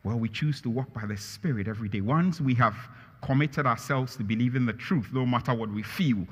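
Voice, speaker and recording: Pastor, male, mid pitch; emphatic preacher who repeats lines, recorded in a reverberant church hall. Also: a little fast, breathy edge, dull audio. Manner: emphatic, rises in pitch and volume on key phrases. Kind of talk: sermon.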